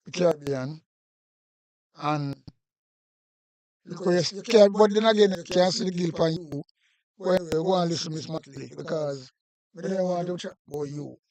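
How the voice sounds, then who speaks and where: A man's voice: a little high, normal speed, long pauses, darkish tone, dry recording. A man with a Jamaican accent giving heated, repetitive political commentary in casual patois-laced talk.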